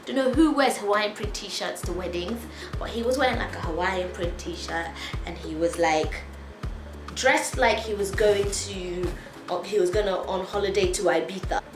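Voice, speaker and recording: A woman vlogger telling a story in an animated way, laughing as she goes. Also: medium pitch, normal speed. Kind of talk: storytime vlog. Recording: echoey room, faint music.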